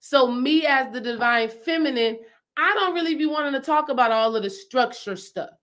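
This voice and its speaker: Her voice sits high and fairly bright, moving at a moderate pace. In this casual teaching talk, the spiritual healing coach chats emphatically, says key phrases more than once for emphasis, and keeps turning questions to her audience.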